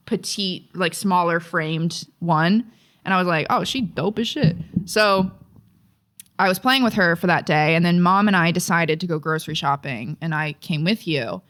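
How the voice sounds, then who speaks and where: A woman's voice: on the low side, a bit bright, clear, resonant tone. A young woman co-hosting a podcast, telling a childhood story in a rambling, profane, casual way full of fillers. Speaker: podcast co-host.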